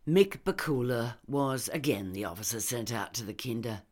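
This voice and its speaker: A woman reads a short crime story aloud with dramatic expression. Her voice is low, yet it moves a great deal in pitch. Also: lively intonation, normal speed, darkish tone. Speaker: reader. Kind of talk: storytelling narration.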